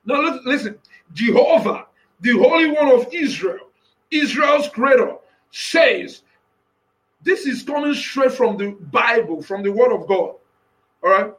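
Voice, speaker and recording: A man preaches with fervor in a very high, bright voice. He speaks slowly and deliberately, repeating phrases and rising into emphatic shouts. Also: animated, low-quality recording. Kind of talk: impassioned sermon.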